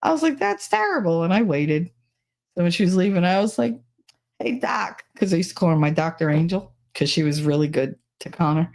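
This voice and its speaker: A middle-aged woman co-hosting a podcast, telling stories in casual chat with a blunt, profane and animated manner. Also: fairly low pitch, fairly quick. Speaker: podcast co-host.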